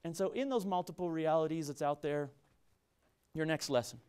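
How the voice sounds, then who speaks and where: Speaking at a normal speed, a middle-aged man with a smooth, slightly mellow voice on the high side gives students an earnest public lecture. He is a university business professor with a San Luis Valley Colorado accent, and he repeats himself and restarts phrases often.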